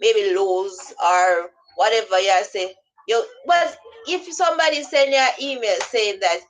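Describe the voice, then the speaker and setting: A woman's voice: mid-range voice, measured pace, low-quality recording. A woman giving casual advice about spotting scammers, rambling and acting out both sides of phone calls. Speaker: vlogger giving scam-awareness advice. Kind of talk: casual instructional talk.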